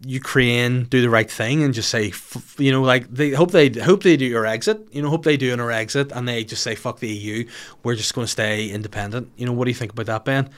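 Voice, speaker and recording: A man's voice: medium pitch, fairly quick, few pauses. Male podcast host, casual and profane, cracks jokes while answering questions. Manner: blunt, jokey and profane.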